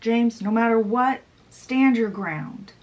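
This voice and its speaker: A woman's voice: a little high, slow pace, darkish tone, voice pushed up. A woman voicing a stubborn male pirate captain in a book retelling, firm and commanding.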